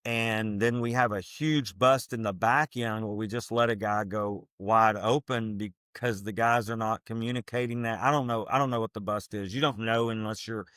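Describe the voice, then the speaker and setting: A man's voice: lowish voice, fairly even intonation, normal speed, hardly any pauses, a bit bright, no echo, studio quality. A man, a former football coach co-hosting a podcast, breaking down defense in an earnest, emphatic, coach-like way. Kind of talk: casual football analysis chat.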